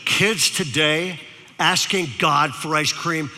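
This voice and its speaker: A man's voice: fairly high pitch, takes it slowly, in a large hall, exaggerated voice. A man voicing a bitter, scornful older woman in a sermon story. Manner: scornful, sharp.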